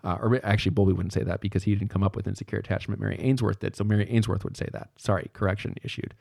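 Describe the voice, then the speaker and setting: A man's voice: fairly low pitch, flat delivery, racing, gravelly, darkish tone, dry recording, studio quality. A man giving a podcast lecture in a casual, thinking-aloud way, correcting himself as he goes.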